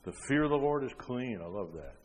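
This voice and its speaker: An older man preaching a sermon, emphatic, with frequent rhetorical questions, rising loud and then dropping soft. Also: medium pitch, animated, a little fast. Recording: long hall reverb.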